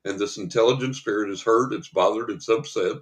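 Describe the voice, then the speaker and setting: Older man, lowish voice, psychic guest, animated storyteller. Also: a little fast. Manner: lively storyteller who acts out the people in his anecdotes. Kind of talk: storytelling in a podcast interview.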